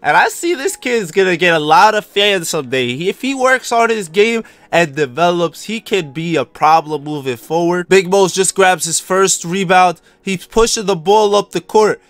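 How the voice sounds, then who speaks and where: A man's voice: sits high, expressive, normal speed, few pauses, fairly bright tone, dry recording. A man playing a TV basketball play-by-play announcer, calling the action in an upbeat broadcast style over faint game music. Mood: excited.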